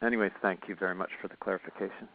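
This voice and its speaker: A man's voice: deep voice, steady tone, racing, slight background noise. A man taking part in a workshop call, speaking hesitantly with many fillers. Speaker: workshop participant. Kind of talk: question on a group call. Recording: phone-like call audio.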